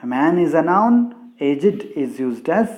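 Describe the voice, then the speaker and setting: A man teaching English pronunciation slowly, spelling out sounds one by one and ending phrases with a friendly "my dear friends". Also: sing-song, darkish tone. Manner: slow, deliberate, repeats "my dear friends", drops pitch at phrase ends. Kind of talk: slow classroom explanation.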